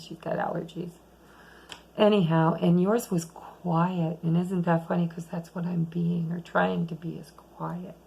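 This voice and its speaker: A woman giving a chatty, rambling tarot reading at home late at night, losing her voice and talking softly at times. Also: on the low side, gravelly, husky, low-quality recording. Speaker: tarot reader.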